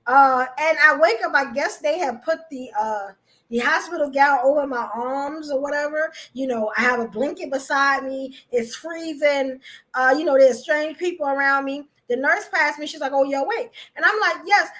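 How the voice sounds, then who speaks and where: Casting: young woman podcast host, high and bright voice, chatty storyteller who laughs a lot. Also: normal speed. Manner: animated, laughs often, many fillers.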